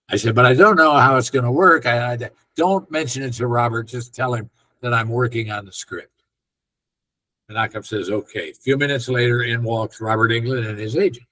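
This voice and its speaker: A man's voice: mid-range voice, low-quality recording. An older man and film director, a guest on an interview, casually telling a long anecdote and acting out the lines of the people in it. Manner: animated storyteller who acts out quoted dialogue.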